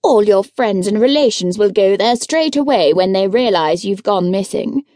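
A woman's voice: medium pitch, lively intonation, normal speed, warm tone, no echo, lightly acted. Woman voicing a wry young curate. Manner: dry, teasing, matter-of-fact. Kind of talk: audiobook character voice.

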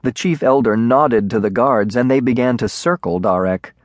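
A man narrating a children's storybook in a measured, expressive way on a close studio mic. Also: medium pitch, dry recording. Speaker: audiobook narrator.

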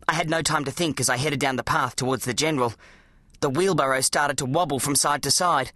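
An audiobook narrator, telling a children's adventure story in an animated, dramatic way. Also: mid-range voice, a little fast, no room sound, studio quality. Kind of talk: scripted narration of a children's book.

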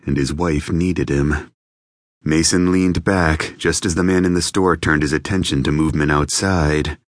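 A man narrating an audiobook in an even, measured reading voice. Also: a bass voice, dry recording, clean studio sound. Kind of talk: scripted narration.

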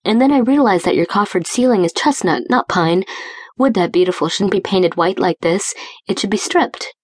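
A woman voicing an eager, flustered young woman who rambles quickly and breathlessly in an audiobook romance. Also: mid-range voice, husky, no room sound, clean studio sound, natural voice.

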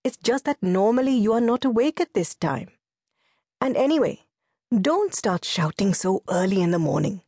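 A woman voicing a practical wife who calmly chides and teases her husband. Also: mid-range voice, moderate pace, breathy edge, no room sound, clean studio sound. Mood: chiding. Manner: calm, gently chiding.

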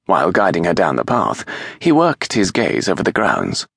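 Man, audiobook narrator, husky gravelly voice, wide-ranging melody, dry close studio sound. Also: deep voice, wildly swooping pitch, moderate pace, a bit bright, dry recording. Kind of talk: scripted narration of a historical romance.

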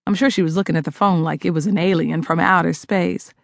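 A woman narrating a novel in the first person, dramatic and expressive, on a close studio mic. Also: on the low side, brisk, vocal fry, dry recording. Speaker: audiobook narrator.

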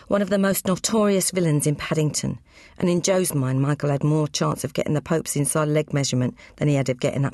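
A woman reading an audiobook crime novel aloud, brisk and matter-of-fact. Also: deep voice, a little mellow, no room sound, studio quality. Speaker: audiobook narrator. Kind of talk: scripted narration.

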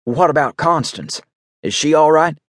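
A man voicing an earnest young frontiersman who speaks anxiously and quickly, with a husky edge. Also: on the high side, expressive, a bit bright, no room sound, studio quality, pitched above the performer's own voice. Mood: concerned.

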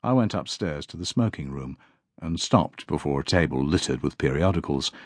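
Deep-voiced man narrating an audiobook. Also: lively intonation, normal speed, no echo. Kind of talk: scripted first-person audiobook narration.

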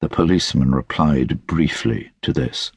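A man narrating a literary audiobook in a measured, deliberate, wry manner, close to the mic. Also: a bass voice, slightly rough, no echo. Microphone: close studio mic.

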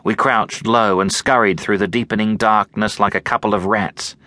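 A man narrating an audiobook in the first person, telling the story in an expressive, tense way. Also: lowish voice, normal speed, no room sound. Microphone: close studio mic.

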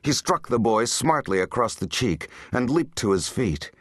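A man's voice: mid-range voice, sing-song, normal speed, fairly bright tone, slightly rough, no echo, studio quality. A man narrating an audiobook in a dramatic, tense storytelling manner. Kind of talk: scripted narration.

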